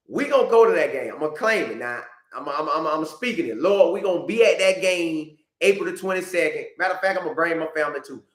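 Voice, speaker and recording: A man hosts a loose, casual live stream and talks straight to his viewers. He repeats himself and gets animated as he goes. His voice sits a little high and carries the echo of a roomy space. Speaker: podcast host reading live chat.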